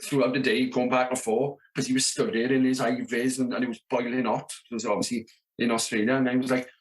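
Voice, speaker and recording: Delivering his lines flat and fast in a mid-range voice, a rock drummer in his thirties from Merthyr Tydfil, South Wales, tells casual tour stories as a guest on a podcast. He acts out the dialogue and repeats "you know what I mean" a great deal.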